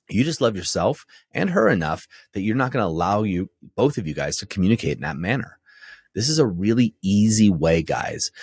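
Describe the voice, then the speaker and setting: A man who hosts a podcast and coaches men on relationships delivers a monologue of direct, firm advice, often checking in with "right?". His voice is on the low side, a little mellow and husky, in clean studio sound with no echo.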